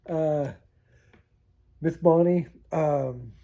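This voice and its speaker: A man with a mellow, higher voice, some vocal fry and lively intonation speaks without hurry and pauses often. He rambles through funny stories in a casual vlog, laughing at himself, picked up by a camera mic on a tilting setup.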